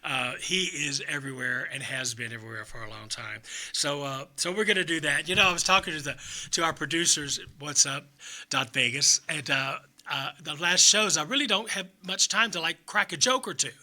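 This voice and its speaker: Parlak, tiz sesli, şakacı erkek sunucu. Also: male voice, on the high side, a little fast, sharp tone. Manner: joking, campy, self-mocking. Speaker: talk show host. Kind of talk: chatty show opening monologue.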